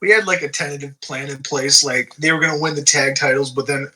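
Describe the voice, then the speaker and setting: A man's voice: medium pitch, steady tone, brisk, pushed and bright, low-quality recording. A young man chatting casually while booking a wrestling sim game, loose and laughing, swearing often. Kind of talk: casual gaming chat.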